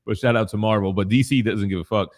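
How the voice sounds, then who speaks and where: Speaking quickly in a lowish voice with fairly even intonation, a man in his forties co-hosts a casual live collectibles morning show from his basement at home. He reads out chat messages, full of slang and freely swearing.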